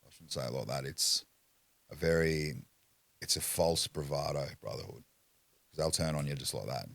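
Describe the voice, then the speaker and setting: A middle-aged Australian man telling rough stories from his past in a casual, blunt way, swearing freely and laughing as he goes. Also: extremely low pitch, moderate pace, fairly bright tone, dry recording. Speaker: podcast guest. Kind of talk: casual storytelling.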